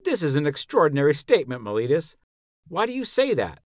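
Here a podcast narrator with a natural, lowish voice dramatically reads a classical dialogue at a slightly fast pace. He plays an elderly philosopher on trial, probing and ironic, putting rhetorical, pointed questions to his accuser with indignation. The studio-quality audio has no echo.

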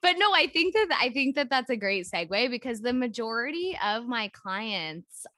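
A woman's voice: on the high side, very animated, normal speed, pushed and bright, dry recording. A woman co-hosting a casual podcast, speaking in a supportive, thoughtful, agreeable way. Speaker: podcast co-host and life coach. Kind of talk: casual chat.

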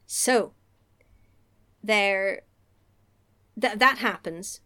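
A woman hosting a casual chat, recapping a story in an animated, joking way and laughing often. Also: medium pitch, drawn-out words.

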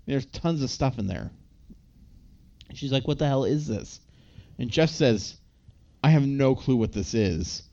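A man's voice: mid-range voice, lively intonation, measured pace, long pauses, warm tone. A man casually recapping a movie plot as a podcast co-host, rambling with lots of filler words. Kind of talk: casual chat. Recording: slightly dull lo-fi audio.

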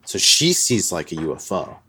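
A man with a fairly low voice hosts a podcast and retells a story to a co-host. His delivery is casual and loose, with filler words and restarts sprinkled through his sentences. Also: sing-song, moderate pace, sharp tone, slightly rough. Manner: loose and chatty, many fillers like "like".

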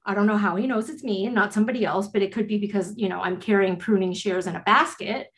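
Talking at a quick pace in a mid-range voice, this woman co-hosts a podcast and tells a story in casual conversation. She gets animated, acting out quotes and swearing freely.

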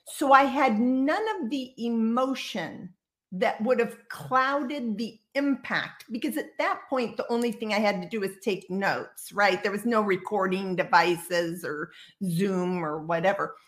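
A woman in her sixties from Iowa, a guest on a video call, telling her story in a lively, casual way and acting out the people she quotes. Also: mid-range voice, a little slow. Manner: lively storyteller who acts out quoted dialogue. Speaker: guest psychic medium.

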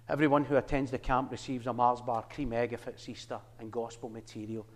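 A man's voice: medium pitch, level tone, fast, hardly any pauses, long reverb tail. A man with a Glaswegian Scottish accent giving an earnest presentation to a church audience, preaching with wry humorous asides. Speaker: Christian ministry worker.

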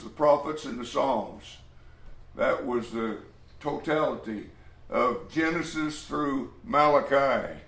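Male preacher, emphatic delivery, gravelly, slightly high voice, echoey room. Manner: emphatic, acts out quoted speech, occasional restarts. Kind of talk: sermon.

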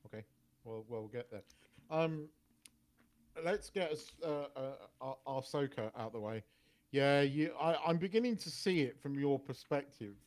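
A man co-hosting a casual pop culture podcast, talking in a halting way with many restarts. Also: mid-range voice, lively intonation. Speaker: podcast co-host. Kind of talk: casual chat.

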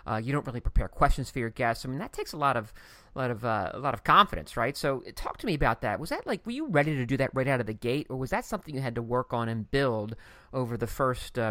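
A man hosts a podcast interview and talks quickly and effusively. He strings his questions out into long run-on thoughts. The sound is dry and close. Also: mid-range voice, lively intonation, sharp tone, dry recording. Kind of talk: casual interview chat.

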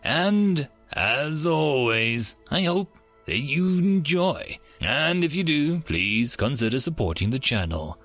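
A man narrating a science fiction story as the host of his channel, with a steady storytelling manner. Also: fairly high pitch, takes it slowly, soft background music.

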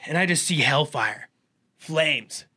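A man spinning a long, profane yarn in casual conversation, with a bright, forceful edge to his voice. His pitch sits a touch high for a man, and he tells the story fast and animated. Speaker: podcast guest.

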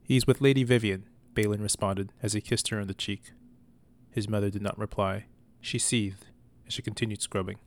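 Low-voiced man narrating a story. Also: flat delivery, normal speed.

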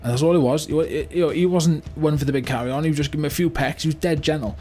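An actor takes on the role of a remorseful, blunt older car yard owner with a British accent, telling a rambling story laced with "you know" and "right?" in a mock-documentary comedy monologue. The slightly high male voice runs very fast, a little mellow and close to everyday, in a rueful mood.

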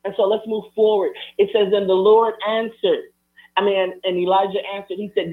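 A man's voice: sits high, flat delivery, moderate pace. A man preaching a sermon, driving his points home with repeated, building refrains. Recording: tinny phone-like broadcast sound.

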